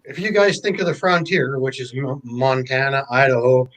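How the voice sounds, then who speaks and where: A man's voice: mid-range voice, normal speed, poor audio. A man from Canada joining a livestream as a guest, joking and telling short stories in casual chat. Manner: joking, lively storyteller. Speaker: guest on the stream.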